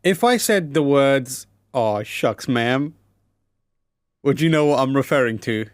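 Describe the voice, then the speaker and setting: A man's voice: mid-range voice, lively intonation, moderate pace, no echo, studio quality. A man hosting a casual online chat show, talking loosely with lots of fillers and a playful tone. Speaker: podcast host.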